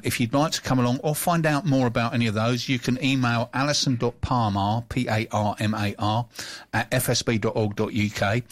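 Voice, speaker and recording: Man, radio host, reads listings and tweets, joking banter, studio mic, mid-range voice. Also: medium pitch. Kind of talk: casual radio chat.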